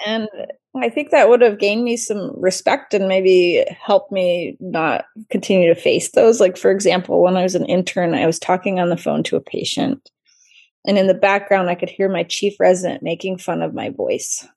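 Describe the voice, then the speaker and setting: Female guest, late 30s, doctor; conversational, expressive, acts out quotes. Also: on the low side, moderate pace, gravelly. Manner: lively storyteller who acts out quoted voices. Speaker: guest physician. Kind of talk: casual interview chat.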